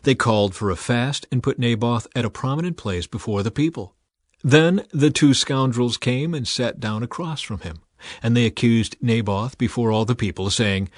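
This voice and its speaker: A man reading scripture aloud in a measured, scripted way, lifting his voice a little for quoted speech. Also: dry recording, clean studio sound. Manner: measured, quotes read a little higher and louder. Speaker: Bible reader.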